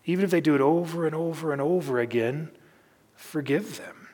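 A man preaching a sermon in a relaxed, conversational teaching style, working through a scripture passage. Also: a little high, fairly quick. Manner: conversational teaching, reads scripture aloud, varied pacing. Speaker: pastor. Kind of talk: expository sermon.

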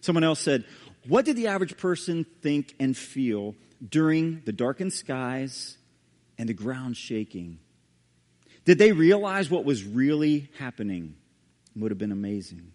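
A man's voice: big pitch swings, a little slow. Man preaching in a reverberant hall. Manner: dramatic, drops to a hushed low voice on key words. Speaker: pastor. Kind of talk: sermon with scripture reading.

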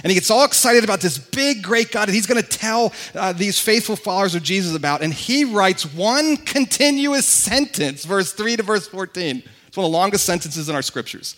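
A male pastor preaches in a lively, excitable way, his voice sitting a little high for a man. He gets worked up, races ahead and speeds through his points while talking straight to the congregation. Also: normal speed, few pauses. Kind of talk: sermon.

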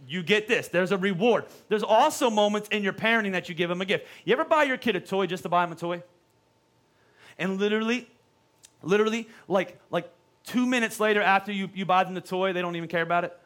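A man's voice: high voice, brisk, a bit bright. A man in his thirties preaching a sermon as a pastor, talking in a conversational way full of repetitions and restarts. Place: church.

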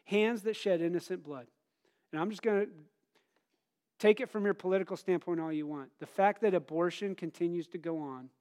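This pastor, a middle-aged man whose voice runs on the high side, preaches in a conversational style. Personal anecdotes and questions to the congregation mix with sudden loud, emphatic moments.

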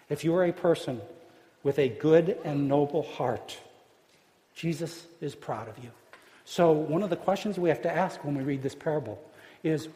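A man preaching a sermon as pastor, earnest and emphatic, dropping to hushed tones at key points. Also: on the high side. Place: church sanctuary. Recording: long hall reverb.

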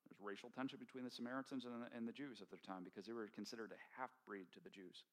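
A man preaching a sermon to his congregation in an animated, conversational storytelling manner, acting out quotes along the way. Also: mid-range voice, fast talker. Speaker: pastor. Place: church sanctuary with congregation.

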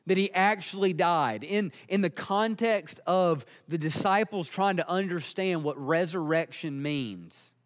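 A man's voice: fairly high pitch, long reverb tail. A man preaching a sermon, earnest and emphatic. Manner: earnest, emphatic, building in intensity.

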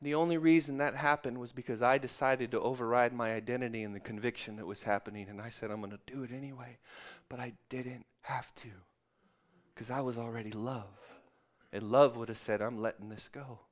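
A middle-aged man preaching a sermon, calling out to the congregation and swinging from loud, excited stretches to soft, hushed ones. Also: mid-range voice, brisk. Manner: calls out to the congregation.

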